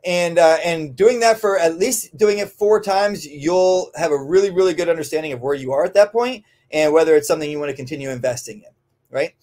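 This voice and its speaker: A man who trains dogs, answering listener questions in a casual podcast, often tagging "right?" and filling pauses with "um". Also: fairly high pitch, a little mellow. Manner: conversational, frequent "um" and tag "right?". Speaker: dog trainer.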